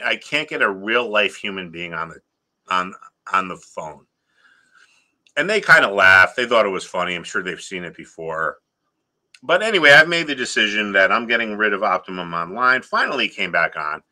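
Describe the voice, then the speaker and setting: A middle-aged man hosting a trading channel, telling a story in an exasperated, lively way before moving on to a stock lesson. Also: lowish voice. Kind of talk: casual ranting vlog and trading lesson.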